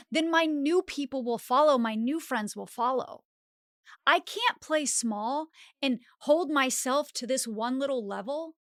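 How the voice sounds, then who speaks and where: Young female podcast host, self-help monologue, chatty and animated, slightly high, dry close sound. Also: no echo. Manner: animated, acts out inner voices with filler "like".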